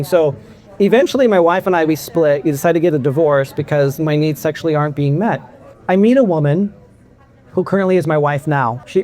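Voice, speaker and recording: Candid middle-aged man telling his story. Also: on the high side. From California. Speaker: convention speaker. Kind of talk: personal talk to an audience.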